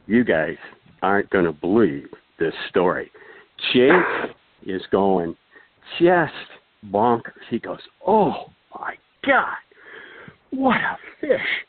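A low-pitched man settles into a rambling, chuckling story as a podcast guest, full of asides and fillers. His voice comes through a thin, phone-like line with no room sound at all. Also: no echo. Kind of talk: casual anecdotal storytelling.

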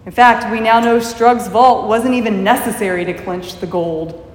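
A woman preacher giving a sermon, telling a story in a measured, reflective way. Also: medium pitch. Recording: echoey hall with long reverb.

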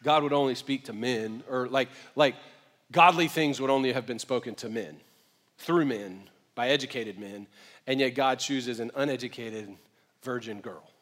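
A male pastor with a medium-pitched voice preaches in a conversational, joking style, dropping into quiet asides and rising to loud emphasis. He slows right down to read scripture aloud, and a large hall's long reverb fills the recording.

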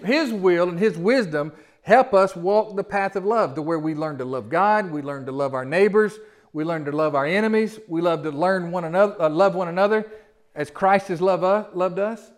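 A man delivers a sermon from the pulpit, his voice sitting fairly high for a man. He preaches in a folksy, conversational way, throwing rhetorical questions at his listeners. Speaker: pastor.

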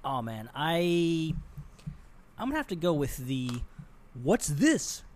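A man co-hosting a podcast, excitable, acting out bits as he chats. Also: on the high side, a little slow. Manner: excitable, acting out lines as he talks. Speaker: podcast co-host. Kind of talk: casual chat.

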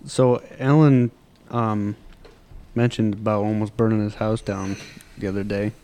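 A man's voice: fairly low pitch, little pitch movement, a little slow, mellow, a little hiss or hum. A tired man hosting a casual after-work chat, rambling through stories and restarting his sentences. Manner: rambling storyteller, trails off and restarts.

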